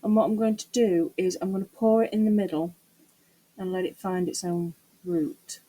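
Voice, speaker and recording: A woman's voice: lowish voice, fairly even intonation, normal speed, mellow, rough recording. A middle-aged woman chatting casually to camera while doing a resin craft, muttering to herself and teasing herself about her mess. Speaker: craft vlogger.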